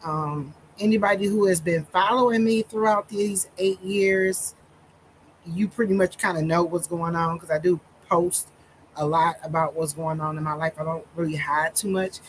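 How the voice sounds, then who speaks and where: A woman minister telling her own story in a slow, deliberate monologue with many pauses and fillers, holding back tears. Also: fairly low pitch, fairly even intonation, a little hiss or hum, low-quality recording.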